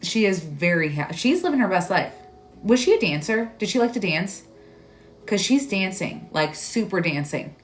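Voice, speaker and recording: A woman hosting a live stream as a psychic medium, giving readings in a halting, searching way full of "like"s and growing emotional. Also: mid-range voice, sing-song, soft background music. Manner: halting, searching delivery with many "like"s; emotional, tearful at moments.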